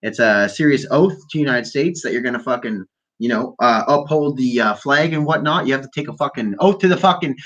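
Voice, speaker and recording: A man's voice: medium pitch, animated, fairly quick, a bit bright. A man hosting a live call-in show from Canada, stoned and ranting about politics in a profane, rambling, mocking way. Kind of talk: casual stoned political rant.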